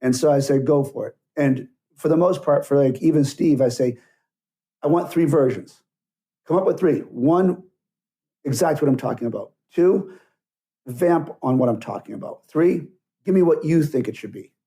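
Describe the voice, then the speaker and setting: Blunt, lively male stunt coordinator. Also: on the high side, normal speed. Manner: blunt, acts out both sides of conversations. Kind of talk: casual interview storytelling.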